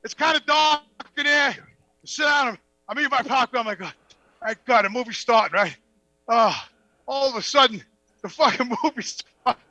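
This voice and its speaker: A man telling a profane, animated story on a podcast and acting out the dialogue. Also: extremely high pitch, normal speed, no room sound, rough recording. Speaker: podcast guest. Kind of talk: casual storytelling.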